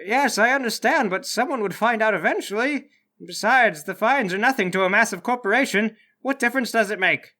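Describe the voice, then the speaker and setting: A man voicing a shrill, defensive corporate scientist who is easily panicked. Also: brisk, pushed and bright.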